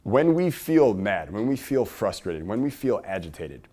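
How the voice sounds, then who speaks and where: A man teaching a workshop to a live audience in a room, energetic and asking the audience questions. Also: lowish voice, unhurried. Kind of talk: live seminar talk to an audience.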